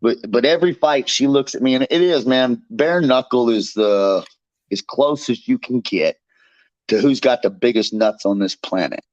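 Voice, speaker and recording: Here a bare knuckle fighter, on a show as a guest, mouths off about his opponent: constant profanity, big boasts and plenty of fire. He speaks at a moderate pace with a medium-pitched voice, captured in a slightly dull, dry recording without echo.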